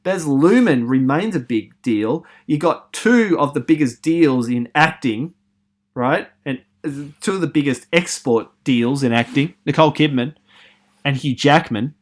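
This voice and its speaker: A man's voice: fairly high pitch, lively intonation, a little slow. A man from Australia giving a recorded film studies lecture, posing many rhetorical questions with frequent ums and restarts.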